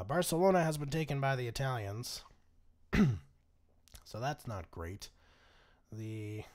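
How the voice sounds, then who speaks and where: A man casually commentating a strategy game, wry and chuckling, swearing freely as he reacts. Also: mid-range voice. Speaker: gaming channel host.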